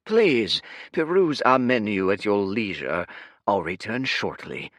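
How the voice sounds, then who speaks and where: A man's voice: on the low side, big pitch swings, takes it slowly, a bit bright, no room sound, full character voice. A man voicing a fawning, formal restaurant server who speaks in obsequious courtesies. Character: fawning male restaurant server, polite and greedy.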